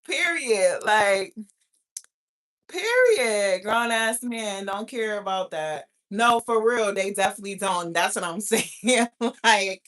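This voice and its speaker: Hosting her talk show, a woman in her 30s chats casually, brashly and profanely, laughing as she goes. Her medium-pitched voice is animated and a bit bright, though her pace is slow.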